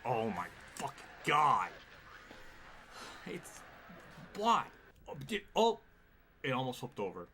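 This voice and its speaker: A man's voice: mid-range voice, huge pitch swings, slow pace, pauses often, sharp tone. Exasperated man swearing through live gameplay. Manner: exasperated, swearing, laughing at himself. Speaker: streamer. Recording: clear background noise.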